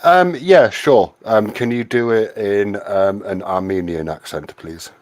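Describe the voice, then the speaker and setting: A man's voice: on the low side, unhurried, a little mellow. A man hosting a casual live group chat, teasing and making playful requests.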